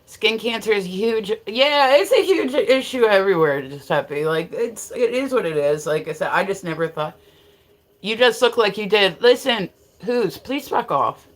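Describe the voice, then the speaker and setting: A woman's voice: mid-range voice, animated, normal speed. A woman from Ohio chatting casually on a livestream, greeting viewers by name and swearing bluntly. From Ohio, USA. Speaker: livestream host. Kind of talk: casual live-stream chat.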